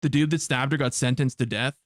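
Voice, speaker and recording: A man's voice: mid-range voice, steady tone, fairly quick, dry recording, clean studio sound. A man streaming a game live, chatting casually with his viewers in blunt, heavily profane rants. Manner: blunt, profane ranting to chat.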